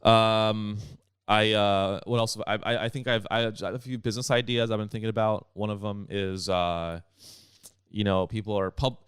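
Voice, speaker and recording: A man's voice: fairly low pitch, little pitch movement, moderate pace, a bit bright, clear, resonant tone, dry recording, clean studio sound. Rambling, profane young man ranting. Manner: rambling and profane, with many restarts and fillers. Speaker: podcast host. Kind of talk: solo comedy podcast rant.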